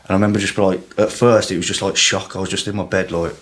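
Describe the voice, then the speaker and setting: A man's voice: sits low, flat delivery, fast, a bit bright. A young man talking casually on a podcast, rambling and swearing, with lots of fillers. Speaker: podcast guest. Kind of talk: emotional casual chat.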